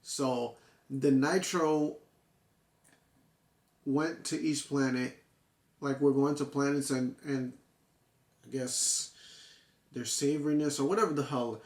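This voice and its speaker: A man's voice: mid-range voice, slow, long pauses, echoey room. A man reviewing a manga chapter in casual, profane talk, often restarting and getting worked up. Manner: excitable, profane, full of restarts and fillers.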